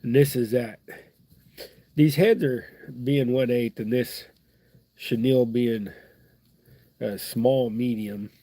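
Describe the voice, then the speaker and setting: A middle-aged man with a stuffed-up nose talks in a loose, folksy ramble as he hosts a live fly-tying session. His voice is mellow and husky, and the sound is dry and close. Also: mid-range voice, takes it slowly, pauses often, no echo. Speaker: fly-tying livestream host.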